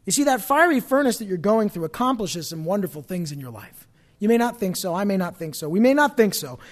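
High-voiced man preaching a sermon. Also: brisk. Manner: animated preaching, rising loud on scripture, dropping soft for personal stories.

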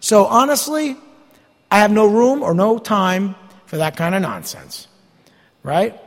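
A male pastor delivers an emphatic, folksy sermon with a high, lively voice and a gravelly edge. His words ring out through a church hall with a long reverb tail. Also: measured pace. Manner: folksy, emphatic preaching with mocking asides. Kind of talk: expository sermon. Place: church sanctuary.

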